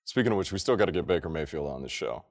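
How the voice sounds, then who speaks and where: Male podcast co-host, lowish voice, loud opinionated sports rants. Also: animated, very fast. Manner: profane, emphatic ranting. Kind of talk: casual sports chat.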